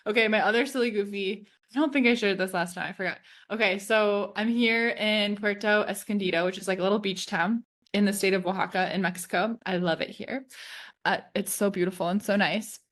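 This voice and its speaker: A woman in her thirties co-hosts a relaxed podcast chat, her voice sitting at an ordinary middle pitch. She rambles through anecdotes with plenty of "like" and laughs easily as she goes. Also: brisk. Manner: chatty, fills speech with "like", laughs often while telling stories. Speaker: podcast co-host. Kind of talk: casual chat.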